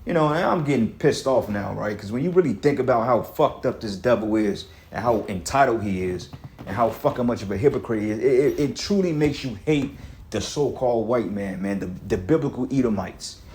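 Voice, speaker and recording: A man's voice: mid-range voice, brisk, darkish tone, slight background noise. A man teaching scripture on a livestream, ranting heatedly and profanely, tagging lines with fillers. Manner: repetitive fillers, frequent "man". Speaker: preacher.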